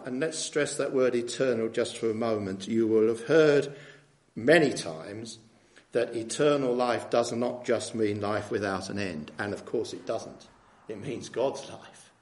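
A man's voice: medium pitch, normal speed. A man preaching a sermon in a conversational way, often asking tag questions of his listeners. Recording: echoey room.

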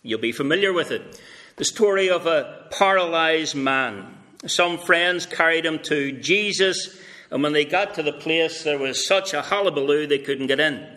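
A man's voice: a little high, normal speed, bright, forceful tone. A male pastor preaching a sermon at a carol service, telling a story in a conversational way with asides. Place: church.

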